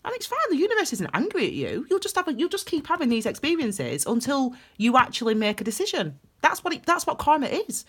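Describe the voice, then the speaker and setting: A woman's voice: sits high, wildly swooping pitch, a little fast, few pauses, a bit bright, husky. A woman giving a casual tarot reading, chatty and rambling, laughing often. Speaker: tarot reader.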